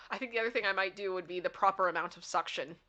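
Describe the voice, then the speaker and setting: A fast-talking woman with a mid-range, bright, forceful voice comes through in lo-fi sound. Hosting a casual livestream, she reads out funny signs, answers her chat, and stays giggly and playful, often breaking into laughter.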